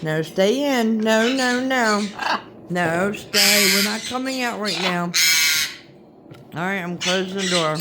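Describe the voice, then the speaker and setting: Slow, sing-song woman coaxing her parrots. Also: medium pitch, heavy background noise. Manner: sing-song baby talk to pet birds. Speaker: channel host showing her parrots. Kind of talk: coaxing pet talk on camera. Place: home with parrot cages. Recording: loud parrot squawks behind.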